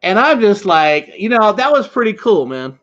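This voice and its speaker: Man, high lively voice, animated anecdote teller, dull lo-fi call audio. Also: normal speed. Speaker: podcast co-host. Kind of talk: casual sports chat.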